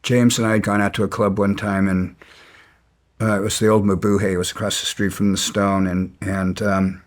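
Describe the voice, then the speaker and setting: A man's voice: lowish voice, level tone, moderate pace. A man as an interview guest, telling stories bluntly and with some resentment, stumbling and restarting his sentences. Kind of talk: casual storytelling.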